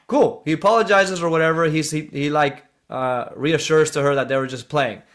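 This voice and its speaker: A man's voice: on the high side, normal speed. A young man casually recapping a short film in a reaction video, rambling with many fillers and restarts and breaking into indignant asides.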